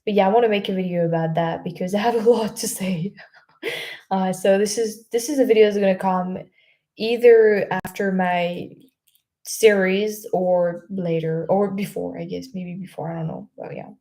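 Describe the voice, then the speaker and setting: A woman's voice: mid-range voice, steady tone, moderate pace, warm tone. A young French woman hosting a casual livestream, reading out viewer comments, chatty and laughing often, with many fillers and restarts. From France.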